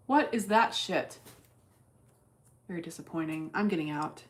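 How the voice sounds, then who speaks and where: Lady streamer talking through her trades, kinda low voice, swears a lot, just thinking out loud. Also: unhurried, pauses often. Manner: blunt, swears freely, thinks aloud while trading. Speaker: livestreamer trading stocks. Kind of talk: casual livestream chat.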